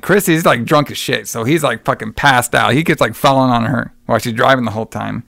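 A man's voice: mid-range voice, gravelly, a bit bright, no echo, studio quality. A man casually recapping a movie on a podcast, rambling, swearing often, laughing and acting out the characters. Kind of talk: casual profane chat.

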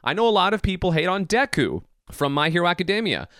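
A man hosting a podcast, ranting casually and excitedly, laughing and swearing as he goes. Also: high-pitched, fast, no echo, clean studio sound. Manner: animated, laughing, swearing, mock voices. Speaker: podcast host. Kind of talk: casual anime podcast rant.

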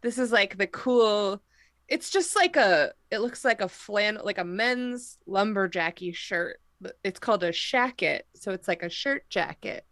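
A woman co-hosting a casual podcast, animated and full of "like" as she talks. She laughs often. The recording is dry with no room sound. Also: mid-range voice, measured pace, dry recording. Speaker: podcast co-host. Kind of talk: casual chat.

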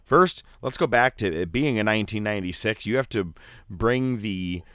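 A man co-hosting a casual podcast, recapping wrestling with animated, mock-dramatic storytelling. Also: lowish voice, moderate pace, clean tone, no echo, studio quality. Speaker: podcast co-host.

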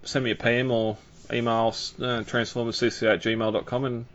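A man's voice: mid-range voice, little pitch movement, fairly quick, highs cut off, a little hiss or hum. A man hosting a podcast in casual chat, rambling with lots of fillers and restarts. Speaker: podcast host.

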